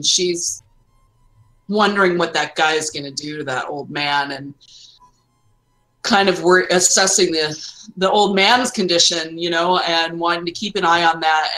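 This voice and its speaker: A woman's voice: fairly low pitch, bright, forceful tone. A woman playing a tabletop game, talking in an earnest, concerned way. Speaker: player. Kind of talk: casual tabletop game play.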